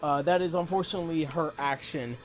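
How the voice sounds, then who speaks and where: A woman narrating as game master of a tabletop game, casual and quick to swear at bad rolls. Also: deep voice. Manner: casual, swears when dice go badly.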